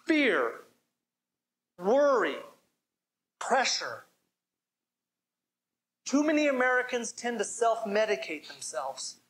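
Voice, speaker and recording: A man's voice: very high-pitched, a bit bright. A man giving a church sermon as pastor, preaching with emphasis and asking the listeners direct questions. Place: church service.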